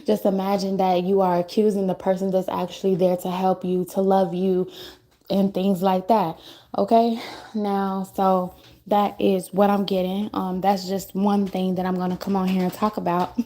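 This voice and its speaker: A woman on a livestream talks through a spiritual message in a loose, musing way. She circles back on her points and keeps checking in with "okay?". Her voice is mellow and mid-pitched. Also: flat delivery, normal speed. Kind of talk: casual spiritual livestream talk.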